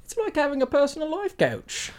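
A charming, smug tech enthusiast in his thirties, played by a man whose put-on accent wanders from place to place. His delivery is breezy and self-assured, and his pitch moves a lot. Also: huge pitch swings, fairly quick, a little mellow, heavily acted. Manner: wobbly put-on accent, drifting. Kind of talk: comedic table-read voice acting.

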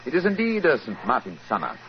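An actor playing a calm, brilliant Victorian detective in a 1940s radio drama, crisp and unhurried. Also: male voice, mid-range voice. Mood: assured. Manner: crisp, unhurried, coolly amused. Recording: dull, faintly hissy 1940s radio broadcast.

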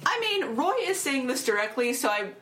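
A woman's voice: sits high, big pitch swings, normal speed, fairly bright tone. Chatty woman podcasting, goofs around with silly voices, roomy echo. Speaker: podcast co-host. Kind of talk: casual history chat.

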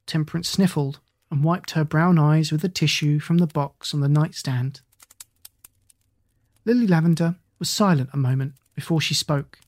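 A narrator reading a children's novel aloud in a measured, even storytelling manner, on a close mic. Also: mid-range voice, no echo. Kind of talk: audiobook narration.

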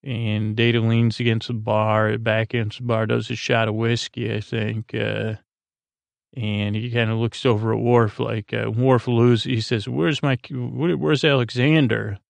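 Male host, sleepy recap read; low-key and hesitant, lots of "uh"s, gravelly texture, flat delivery. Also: no echo. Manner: halting, filler-heavy, low-key mumbling. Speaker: podcast host. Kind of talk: casual episode recap for sleep.

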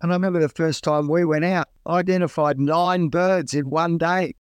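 A middle-aged Australian man, a guest telling stories in a relaxed, colloquial way and acting out his own exclamations. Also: a little high, moderate pace, clear, resonant tone, dry recording, clean studio sound. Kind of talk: casual storytelling.

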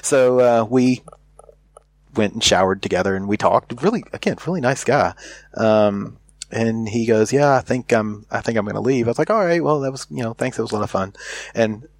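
A man's voice: medium pitch, animated, moderate pace, no echo. An American man telling a candid story in casual chat, rambling with many fillers and restarts. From United States.

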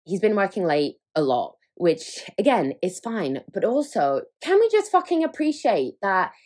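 A woman's voice: mid-range voice, big pitch swings, moderate pace, a little mellow. A young woman hosting her own podcast, talking frankly and chattily, often laughing and swearing freely. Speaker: podcast host. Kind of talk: candid solo podcast chat.

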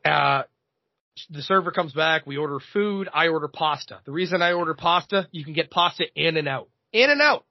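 A man in his thirties, a podcast host, telling a comedic story in an animated, profane way. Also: fairly high pitch, fairly quick, vocal fry, no echo, muffled recording. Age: 30s.

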